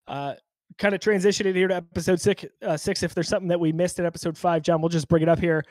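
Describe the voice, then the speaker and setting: A man hosting a podcast in casual chat, thoughtful and halting, with frequent restarts. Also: high-pitched, steady tone, a little mellow, no echo. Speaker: podcast host.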